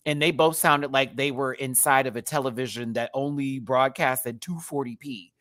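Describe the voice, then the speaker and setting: A man giving a casual rant-style review of a show, sassy and animated, laughing often and slipping into mock voices. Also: medium pitch, moderate pace, few pauses.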